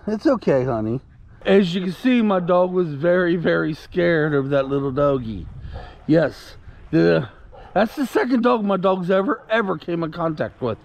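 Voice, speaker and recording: A man's voice: high-pitched, vocal fry, darkish tone. A man vlogging casually while walking his puppy outdoors, rambling and repeating himself and talking soothingly to the dog. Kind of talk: casual chat to camera. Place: outdoors on a walk.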